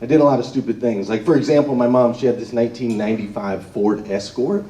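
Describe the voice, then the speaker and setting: A man giving an animated storytelling speech to a live audience, often tagging his lines with "right?". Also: mid-range voice, fast talker, a little hiss or hum. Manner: animated, tags phrases with "right?". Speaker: motivational speaker. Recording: echoey room, far from mic.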